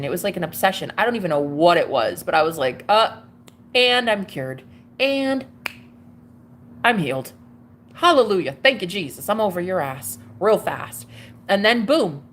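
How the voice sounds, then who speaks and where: A woman's voice: mid-range voice, slight background noise. Gushing, chatty young woman vlogger. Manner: gushing, chatty, calls listener girl and babe. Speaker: tarot reader and vlogger. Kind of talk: casual confessional monologue to camera.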